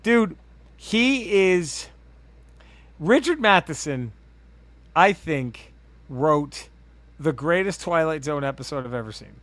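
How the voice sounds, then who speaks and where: Bright-voiced profane podcast host. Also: male voice, on the high side, slow, pauses often, dry recording. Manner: profane, rambling, excitable storyteller. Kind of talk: casual chat.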